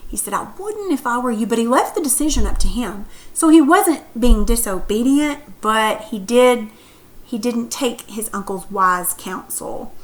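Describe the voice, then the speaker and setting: A woman's voice: on the high side, animated, unhurried, poor audio. A woman teacher reading a story aloud and then asking questions about it patiently.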